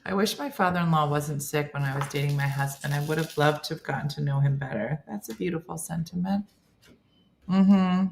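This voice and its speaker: A woman's voice: deep voice, fairly quick, vocal fry, a bit bright, slight background noise. A middle-aged woman hosting a casual morning show, reading viewer comments and reacting with chatty asides. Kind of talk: casual chat.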